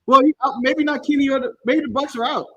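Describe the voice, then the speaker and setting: On a lo-fi recording, a fast-talking American man with an extremely high voice co-hosts a podcast. He keeps the watch-along chat casual, animated and full of jokes, laughing frequently.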